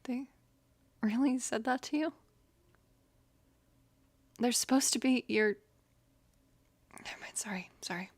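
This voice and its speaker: A woman of about twenty in a whispered role-play, gently soothing and reassuring as a caring best friend, close to the microphone. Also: fairly high pitch, unhurried, long pauses, no echo.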